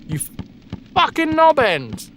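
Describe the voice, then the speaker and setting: A man's voice: extremely high pitch, huge pitch swings, slow, fairly bright tone, a little hiss or hum, pitched above the performer's own voice, exaggerated voice. A man voicing an exasperated old druid who shrieks and swears while scolding a boy in a told story.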